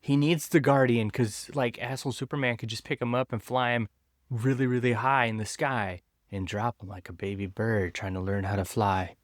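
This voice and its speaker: A man's voice: mid-range voice, steady tone, no room sound, studio quality. Give me a playful male podcast co-host in a middle register. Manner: playful, quick to laugh. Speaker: comic book podcast co-host. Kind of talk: casual chat.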